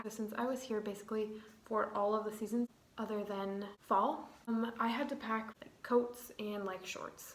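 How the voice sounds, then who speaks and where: A woman's voice: medium pitch, fairly bright tone. Chatty young woman, echoey. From United States. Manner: chatty, rambling, many "like"s. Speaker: vlogger. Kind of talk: casual chat.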